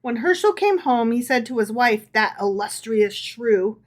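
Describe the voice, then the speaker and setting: A woman's voice: fairly high pitch, expressive, unhurried, hardly any pauses. A woman podcast co-host reading folk tales aloud to her partner, with casual amused asides.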